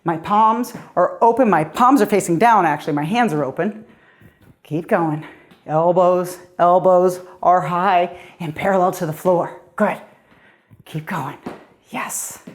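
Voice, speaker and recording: Speaking a little slowly in a lowish voice, a middle-aged fitness coach guides a cardio workout. She stays upbeat and encouraging, counting down reps and cheering the listener on while sounding a bit out of breath from moving.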